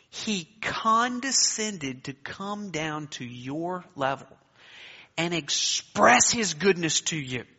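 A bright, high-pitched male preacher delivering a sermon with lively swings in his voice. He talks emphatically, pausing for weight and calling on the congregation to say it back. The sound is dull and lo-fi, ringing in a long church reverb. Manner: emphatic, dramatic pauses, urging the congregation to respond aloud. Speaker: pastor. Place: church sanctuary. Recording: echoey hall, dull lo-fi sound.

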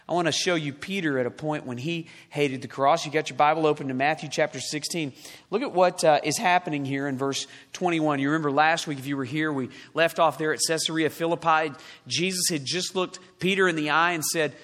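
A man preaching a sermon as pastor, emphatic, slowing down hard on key words. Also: a little high, fairly bright tone. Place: church sanctuary. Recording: long hall reverb.

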